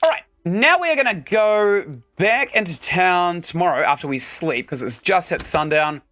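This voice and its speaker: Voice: mid-range voice, lively intonation, moderate pace, fairly bright tone, faint music behind. A game streamer giving casual let's-play commentary, chatting and explaining mechanics while playing.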